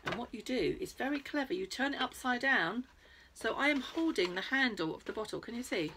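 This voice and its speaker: A British woman presenting a crafting lesson for young children, animated and playful, speaking straight to the kids. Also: a little high, a little fast, slight background noise. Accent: British English.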